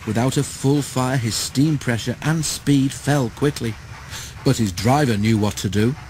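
A man narrating a children's storybook in a steady, measured way. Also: medium pitch, a little hiss or hum, rough recording. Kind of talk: storybook read-aloud.

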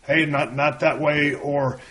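A man hosting a podcast interview, telling stories in a relaxed, casual way. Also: fairly high pitch, slow pace. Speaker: podcast host.

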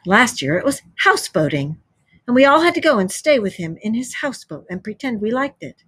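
A woman's voice: a little high, very animated, a little fast, a bit bright, slightly rough, no echo, voice pushed up, exaggerated voice. A woman reading a cheery chatty water rat.

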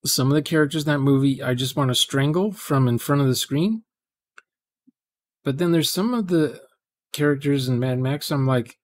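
A man's voice: medium pitch, normal speed. Rambling man on a live stream. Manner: rambling, digressive, thinks aloud with restarts. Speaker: live-stream programmer chatting with viewers. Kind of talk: casual live-stream chat.

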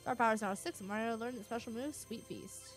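A woman's voice: on the high side, fast talker, faint music behind. Blunt woman playing a video game. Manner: blunt, swears freely. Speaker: let's play host. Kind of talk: casual gameplay commentary.

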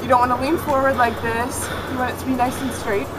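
High-voiced, upbeat woman coaching a workout. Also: flat delivery, fast, music in the background. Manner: upbeat and encouraging, giving step-by-step cues. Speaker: fitness instructor. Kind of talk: outdoor workout instruction. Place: outdoors in a beach park with benches.

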